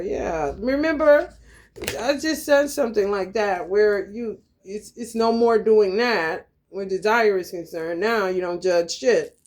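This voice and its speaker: A woman's voice: mid-range voice, a little mellow. Woman host with a mid-range voice, blunt and profane, casual spiritual monologue mixing scripture reading with street talk. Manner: reads scripture aloud then riffs on it.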